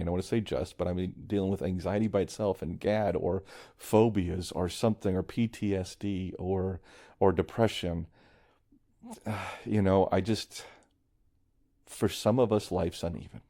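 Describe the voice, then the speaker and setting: A man hosting a solo podcast, talking in a reflective, meandering way, quietly worried and often restarting his sentences. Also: deep voice, steady tone, moderate pace. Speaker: podcast host. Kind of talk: casual solo podcast monologue.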